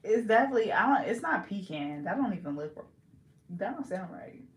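A woman's voice: mid-range voice, expressive, fairly quick. A woman vlogger from the Bay Area of California, chatting casually in a playful, giggly way and second-guessing herself. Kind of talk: casual chat. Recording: echoey room, faint background hiss.

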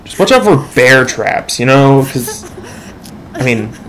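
A teenage boy giving loose, excitable commentary while playing a game, yelling at teammates and mocking himself. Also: medium pitch, slow pace, low-quality recording. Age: teens. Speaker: gamer. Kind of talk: let's play commentary. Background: game music.

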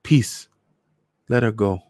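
A man's voice: on the low side, slow, mellow, no room sound, clean studio sound, voice pushed up. A man voicing an anxious pleading girl. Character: frightened young girl narrator.

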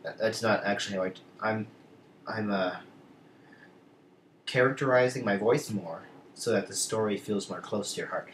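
Remaja pria bercerita berputar-putar di ruang bergema. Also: male voice, on the low side, moderate pace, pauses often, a little hiss or hum. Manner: rambling, many restarts and asides. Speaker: vlogger. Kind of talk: casual storytelling vlog. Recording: echoey room, mic at a distance.

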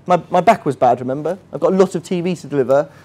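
Higher-voiced man teaching a chatty workshop. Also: quick pace, darkish tone. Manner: chatty, quizzes the audience, self-mocking asides. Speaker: finance workshop trainer. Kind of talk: interactive teaching. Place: workshop room with a live audience.

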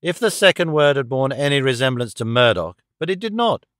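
A man's voice: medium pitch, very animated, a little fast, fairly bright tone, dry recording, studio quality. A man reading an audiobook, voicing a blunt and doubtful middle-aged police inspector who probes and questions. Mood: skeptical. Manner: skeptical and probing.

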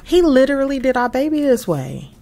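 Animated young woman narrating gameplay. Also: high-pitched, brisk. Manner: expressive, exclaiming, talks to viewers; frequent laughs. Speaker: gaming channel host. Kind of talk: casual gameplay commentary.

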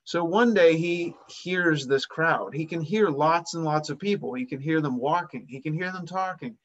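A man's voice: on the high side, moderate pace, fairly bright tone, dull audio, slight background noise. A man preaching a sermon, retelling a Bible story and acting out its voices with rising emphasis.

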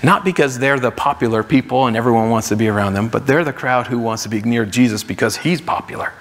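A man's voice: medium pitch, fast talker, long reverb tail. A man preaching a sermon as pastor, in a conversational way, acting out what the crowds might say. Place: church sanctuary.

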